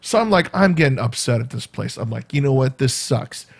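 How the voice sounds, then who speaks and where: A man vlogging casually, retelling a day out in a rambling, animated way with quoted asides. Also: mid-range voice, brisk, vocal fry, breathy edge. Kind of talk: casual storytelling vlog.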